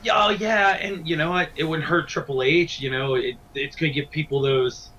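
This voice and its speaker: A man's voice: a little high, fairly even intonation, normal speed, bright, forceful tone. A middle-aged man, a wrestling broadcaster, chatting eagerly as a guest with stammering restarts from his home den. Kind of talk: casual interview chat. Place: small home man cave. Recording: dull lo-fi sound, faint noise.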